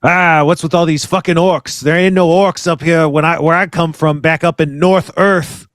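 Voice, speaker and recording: A man's voice: a little high, fairly even intonation, normal speed, a bit bright, no room sound, clean studio sound, pitched above the performer's own voice, lightly acted. A man putting on the voice of a grumpy man from the north who complains about everything, crude and whiny. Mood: complaining.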